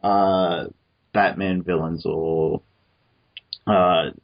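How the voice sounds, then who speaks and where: A man's voice: low-pitched, steady tone, extremely slow, highs cut off. An Australian man hosting a casual discussion over an online call, rambling with many restarts and fillers. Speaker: podcast host.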